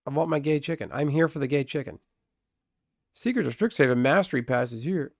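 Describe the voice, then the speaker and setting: A man streaming a card game live, chatting casually with viewers, excitable and swearing freely. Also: on the high side, a little fast, no room sound, clean studio sound.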